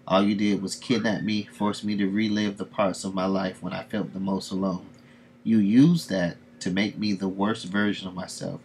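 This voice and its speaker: A man's voice: low-pitched, level tone, normal speed, a little mellow, slight background noise. A man reading a bitter young brother.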